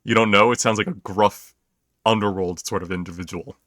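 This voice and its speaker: A man narrating a tabletop game as game master, in a relaxed, rambling way with fillers. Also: on the low side, a little fast, no echo, studio quality.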